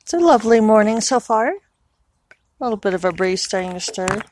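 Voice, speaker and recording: A woman casually chatting in a morning vlog, talking to her cat in a high coaxing voice. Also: lively intonation, brisk, a little mellow, slight background noise. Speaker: vlogger. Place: at home and outdoors. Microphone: clip-on microphone.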